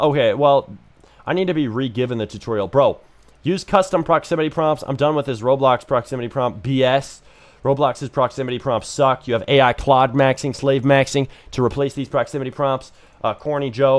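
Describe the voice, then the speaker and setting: A man's voice: medium pitch, a little fast. A man giving blunt, joking critique while live-streaming game reviews. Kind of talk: casual live-stream commentary.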